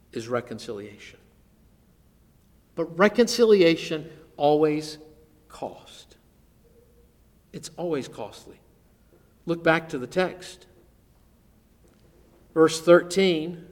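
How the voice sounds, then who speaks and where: High-voiced emphatic preacher in a reverberant sanctuary. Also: male voice. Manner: emphatic, dropping to near-whispers on key words. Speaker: pastor. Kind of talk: sermon.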